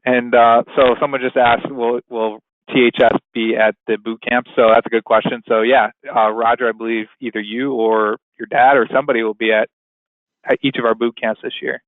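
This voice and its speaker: A man hosting a webinar in a casual, rambling way, filling pauses with "you know". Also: medium pitch, little pitch movement, no echo. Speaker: webinar host. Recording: tinny phone-line sound, dry.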